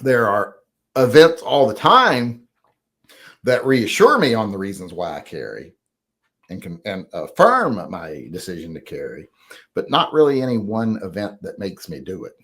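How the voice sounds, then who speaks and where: A man's voice: lowish voice, big pitch swings, measured pace, fairly bright tone. A middle-aged man with a drawl, hosting a casual livestream and reading chat, blunt and opinionated.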